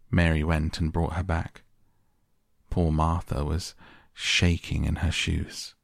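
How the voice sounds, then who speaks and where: A man narrating a classic novel softly and calmly as a bedtime story. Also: very deep voice, slow, creaky, dry recording, studio quality. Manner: gentle, calm. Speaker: audiobook narrator. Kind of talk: soft bedtime story reading.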